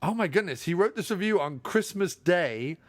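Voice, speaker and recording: A podcast host chatting in a sarcastic, amused way and laughing often. His voice sits a little high for a man. The recording is dry and close. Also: lively intonation, normal speed, no echo. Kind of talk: casual chat.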